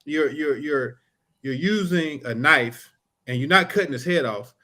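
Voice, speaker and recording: A man who works as a trial lawyer, co-hosting a podcast and telling courtroom stories in a casual, animated way, acting out the exchanges. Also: fairly high pitch, a little slow. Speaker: podcast co-host. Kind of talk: casual storytelling chat.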